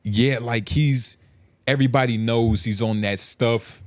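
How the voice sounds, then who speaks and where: A man's voice: mid-range voice, steady tone, a little slow, no echo. A man co-hosting a podcast, talking in rambling, profane casual banter. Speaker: podcast co-host. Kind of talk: casual chat.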